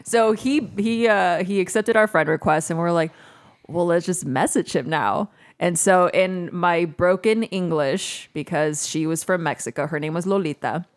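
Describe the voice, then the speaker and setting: A woman in her thirties co-hosting a casual chat, telling an animated story with frequent laughter. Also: lowish voice, moderate pace.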